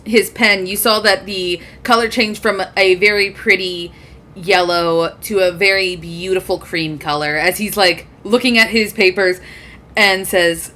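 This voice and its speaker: A woman's voice: mid-range voice, fairly even intonation, measured pace, pushed and bright, slight background noise. Woman, game master, tabletop narration, casual, giggly, filler words.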